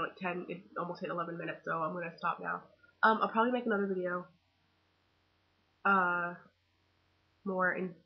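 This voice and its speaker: A teenage girl gushing about a movie in a casual webcam vlog, excitable and full of fangirl chatter. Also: mid-range voice, breathy edge, dull audio. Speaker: vlogger.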